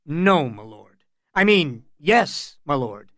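Humble hedge knight, voiced by a male narrator; halting, deferential, slow. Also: on the high side, sing-song, a bit bright, no room sound, studio quality, full character voice. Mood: flustered. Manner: stumbling, deferential.

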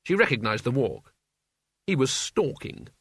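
A man narrating a story in a steady, measured voice. His pitch is mid-range and the recording is close and dry. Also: slightly rough, no echo. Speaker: audiobook narrator. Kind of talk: scripted narration.

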